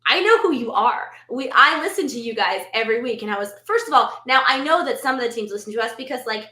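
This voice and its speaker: Bright-voiced woman teasing in a roomy space. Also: fairly high pitch, expressive. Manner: playful teasing, quick quips. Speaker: podcast co-host. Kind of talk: casual chat.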